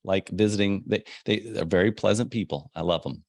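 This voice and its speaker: A man's voice: fairly low pitch, brisk, gravelly, darkish tone, no echo. Upbeat rambling male podcast host. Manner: upbeat, rambling, jokey, laughs a lot. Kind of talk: podcast interview.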